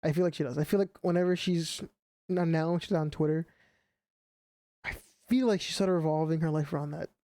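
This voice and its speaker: A man's voice: a little high, a little fast, warm tone, dry recording, clean studio sound. A young man streaming a game, chatting casually and rambling with plenty of fillers. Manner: rambling, full of "like" and "you know" fillers. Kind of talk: casual chat while gaming.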